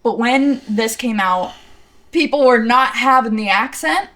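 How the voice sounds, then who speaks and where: A woman's voice: on the high side, animated, a little slow, fairly bright tone. Chatty young woman sharing trivia. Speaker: podcast co-host. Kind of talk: casual chat reviewing a TV episode.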